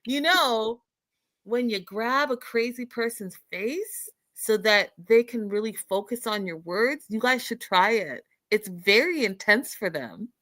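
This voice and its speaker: A woman hosts a chatty reality TV recap with a bright, forward voice. She tells scenes with lively retellings and laughs easily, talking straight to her viewers. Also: fairly high pitch, a little slow. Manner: animated storyteller, acts out quotes, laughs often. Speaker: host. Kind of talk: casual reality TV recap chat.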